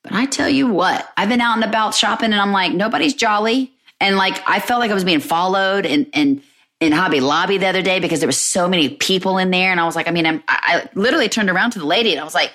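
A woman vlogging to her viewers as a stay-at-home mom, chatting casually and telling stories with animated jumps in her voice. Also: fast talker. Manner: animated storytelling with pitch jumps and quoted voices.

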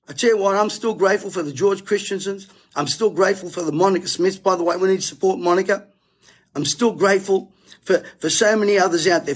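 A man's voice: high voice, slightly rough. A middle-aged Australian man hosting, delivering a fired-up, emphatic, preachy monologue to his audience. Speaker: host. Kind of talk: impassioned monologue to camera.

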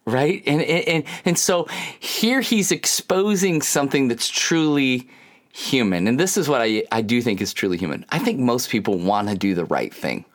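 A man preaching a sermon in a conversational, humorous way, acting out quick bits of dialogue. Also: mid-range voice, very animated. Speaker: pastor.

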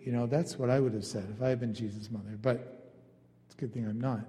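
A man's voice: medium pitch, normal speed, warm tone. Conversational male pastor in a reverberant hall. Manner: conversational, acts out quoted lines. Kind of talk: sermon.

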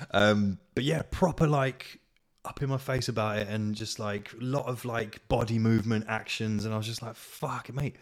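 Deep-voiced young man chatting on a podcast. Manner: chatty storytelling with swearing and laughs. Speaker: podcast host. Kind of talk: casual solo podcast chat.

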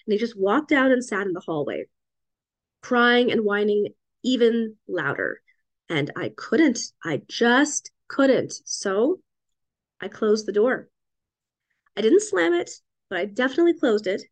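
A woman's voice: on the high side, very animated, measured pace. A middle-aged woman, a psychiatrist and parent, telling a personal story in a reflective, conversational way and often turning to listeners with "right?". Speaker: psychiatrist and parent sharing advice.

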